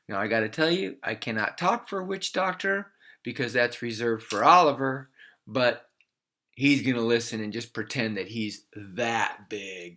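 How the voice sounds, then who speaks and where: Man, middle pitch, storyteller: improvised kids' tale, playful and animated. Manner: animated, playful, slows for emphasis.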